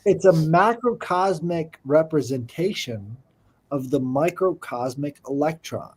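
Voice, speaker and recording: A man's voice: a little high, expressive, a little slow, darkish tone, husky. A man in casual conversation, explaining big ideas emphatically and often asking if the listener follows. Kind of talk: casual chat.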